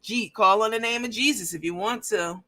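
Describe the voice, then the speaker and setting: A woman's voice: medium pitch, normal speed, bright, forceful tone. A woman hosting a livestream, reading viewer comments aloud and talking bluntly and profanely in a mocking, emphatic way.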